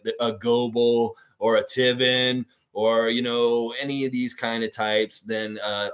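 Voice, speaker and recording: A man's voice: fairly low pitch, a bit bright. A man hosting a live basketball preview stream, chatting casually, reading viewer comments aloud and rambling animatedly. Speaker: sports channel host.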